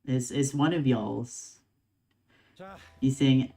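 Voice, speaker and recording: A man's voice: mid-range voice, measured pace, darkish tone. A man streaming a game, reading its dialogue aloud and adding laid-back, slangy commentary between the lines.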